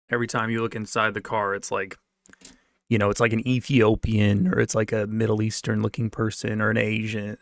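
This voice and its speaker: Gravelly, sarcastic streamer guy. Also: fairly low pitch, monotone, a little fast, dry recording. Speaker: livestreamer. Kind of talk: casual livestream chat. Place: basement apartment at home.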